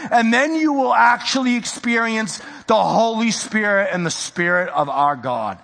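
A male pastor preaching a sermon in a church, swinging from loud exhortation to hushed intensity. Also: high-pitched, animated, normal speed, creaky, hardly any pauses, in a large hall.

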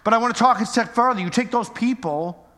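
Joking pastor in an echoey church. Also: male voice, extremely high pitch, a little fast, fairly bright tone. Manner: conversational, joking, rhetorical questions. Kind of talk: sermon. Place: church hall.

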